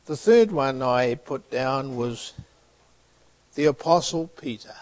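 A man preaching a sermon, retelling a story and acting out the dialogue, sometimes dropping to a hushed near-whisper. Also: mid-range voice, expressive, slow pace.

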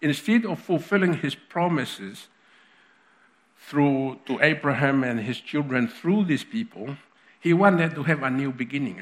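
A man's voice: medium pitch, lively intonation, unhurried. Male preacher, mid-range voice, chatty sermon delivery full of restarts and asides. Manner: conversational, with frequent restarts and asides.

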